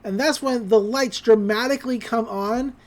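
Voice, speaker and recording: Speaking at a medium pitch, a podcast co-host chats through a recap of a cartoon episode, switching into quick character voices as each scene is retold.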